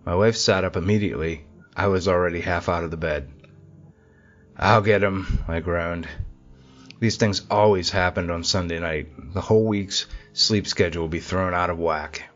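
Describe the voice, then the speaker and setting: A man narrating a scripted horror story in a measured, steady way. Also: deep voice, highs cut off, soft background music.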